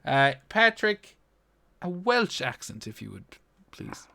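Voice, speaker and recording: A man's voice: sits high, sing-song, takes it slowly, gravelly, pushed and bright, dry recording. A man hosting a podcast, teasing his co-host and swearing freely in casual banter.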